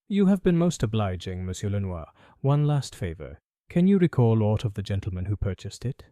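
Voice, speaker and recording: A man playing a keen, cool-headed detective in an audiobook, speaking in a crisp, measured and probing way. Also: on the low side, very animated, mellow, no room sound, studio quality. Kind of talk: audiobook character voice.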